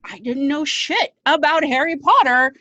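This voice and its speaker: Animated, foul-mouthed woman podcast co-host. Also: high voice, measured pace, no room sound, muffled recording. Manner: animated storyteller, swears freely. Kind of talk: casual chat.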